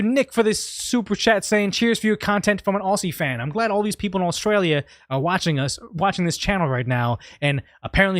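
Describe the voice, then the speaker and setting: A man's voice: fairly high pitch, dry recording, clean studio sound. A man hosting a casual livestream, rambling through tangents and reading out viewer super chats. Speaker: livestream host.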